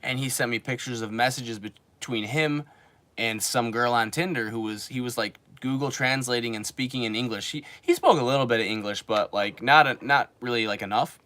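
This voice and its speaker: Bright-voiced man in his twenties. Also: mid-range voice, normal speed. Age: 20s. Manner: rambling, filler-heavy storytelling. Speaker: streamer. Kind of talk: casual chat reading live comments. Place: home in Japan.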